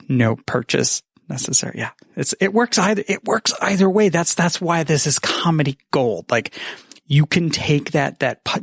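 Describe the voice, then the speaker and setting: A man recording a message for a friend, reading bad puns in a deadpan, self-mocking way and swearing casually. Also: fairly high pitch, vocal fry, no room sound, studio quality. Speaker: podcaster sending a message. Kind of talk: recorded message, joking monologue.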